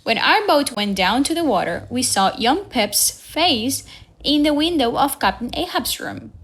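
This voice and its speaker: A woman reading a storybook aloud for young learners, slow, clear and careful. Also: high voice, lively intonation, fairly bright tone. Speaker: reader.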